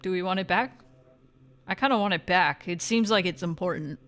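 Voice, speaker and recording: A woman's voice: on the low side, fairly quick. A woman streaming a game, joking around and reading its dialogue aloud. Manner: playful, jokey, reacts loudly. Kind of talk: let's play commentary, reading dialogue aloud.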